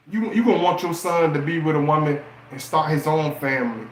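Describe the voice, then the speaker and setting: Man, high voice, preachy advice rant, rhetorical questions, echoey room with faint hum. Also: a little fast, hardly any pauses. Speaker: relationship and astrology vlogger. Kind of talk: casual advice monologue.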